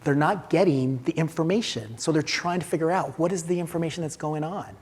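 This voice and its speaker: A man's voice: a little high, fairly quick, darkish tone. A man leading a training for theater staff, talking emphatically with rhetorical questions and acted-out reactions. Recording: long hall reverb.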